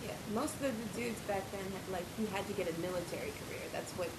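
Blunt, animated woman in a roomy space. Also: mid-range voice, fast, a crowd in the background. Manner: blunt and profane, laughs often. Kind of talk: casual chat. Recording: roomy, distant mic, noisy.

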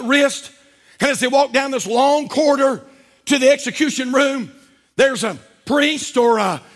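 A pastor preaching a fervent sermon to his church, moving from shouted calls down to low, quiet asides. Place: church sanctuary.

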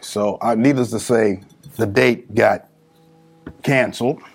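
A middle-aged man from California telling a personal story in an interview, acting out quoted voices with lively pitch swings. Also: slow, gravelly, slightly rough, soft background music. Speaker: guest author.

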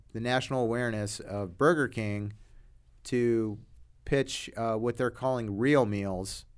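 A man's voice: lowish voice, clear, resonant tone. A man hosting a casual podcast chat, leading into topics and joking at his own expense. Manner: leads topics, self-deprecating. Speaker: podcast host.

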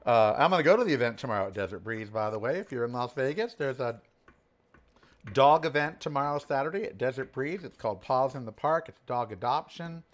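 A man in his forties from Southern California, telling a story in a casual, sassy, animated way while cooking on a home vlog. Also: medium pitch, brisk.

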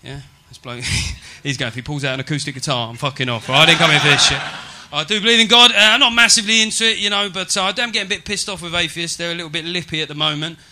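A man's voice: on the high side, very fast, few pauses, bright, forceful tone, slight background noise. A man performing a stand-up set in a comedy venue, brash and swearing with mock-serious asides.

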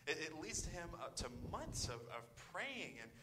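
A man's voice: on the high side, very animated, normal speed, background noise. A man preaching a sermon, earnest and often repeating his words, sometimes dropping almost to a whisper. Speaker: pastor.

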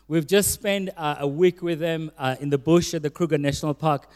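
A man's voice: fairly high pitch, fairly even intonation, a little fast, a little mellow. A man hosting a church service, reading out a guest's bio with teasing asides. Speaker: church host introducing the speaker. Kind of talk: reading a speaker introduction. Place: church auditorium. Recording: long hall reverb.

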